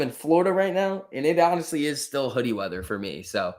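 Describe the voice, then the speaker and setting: Speaking fairly quickly with hardly a pause, this man has a mid-range, very animated and slightly mellow voice. A chatty stream host, he addresses chat directly, reading comments aloud and answering with jokes and gentle teasing.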